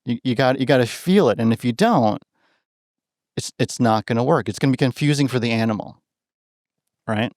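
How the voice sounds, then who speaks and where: A man talks as a podcast guest, spinning anecdotes in an animated, loose way and checking in with "right?" as he goes. His voice sits at an average pitch for a man. The sound is close and dry, with no room around it. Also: brisk, long pauses, no room sound. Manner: animated, acts out quoted voices, keeps adding "right?"; restarts and repeats words while thinking aloud. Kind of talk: casual storytelling in conversation.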